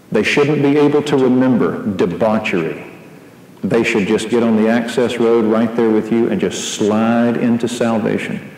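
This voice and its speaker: Preacher in an echoey hall. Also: male voice, lowish voice. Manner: animated storytelling, rising to shouts in quoted lines. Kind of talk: sermon. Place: large hall before a live audience. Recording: echoey hall recording with faint hiss.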